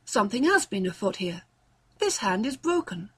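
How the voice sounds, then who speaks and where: A woman's voice: mid-range voice, very animated, normal speed, a bit bright, slightly rough. A woman reading the lines of a blunt, sensible man in a storybook reading, brusque and matter-of-fact. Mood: alarmed. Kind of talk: audiobook narration.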